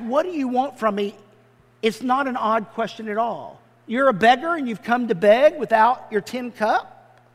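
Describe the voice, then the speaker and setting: A man's voice: very high-pitched, in a large hall. A male pastor preaching a sermon in a church sanctuary, in a conversational, humorous storytelling manner full of modern comparisons.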